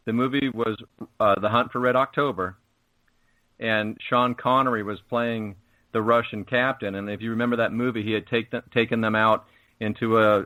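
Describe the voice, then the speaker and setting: A man's voice: on the low side, fairly bright tone, no room sound, low-quality recording. A man speaking as a radio guest, telling stories in a preachy, emphatic way. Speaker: guest, spiritual network host. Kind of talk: casual radio interview.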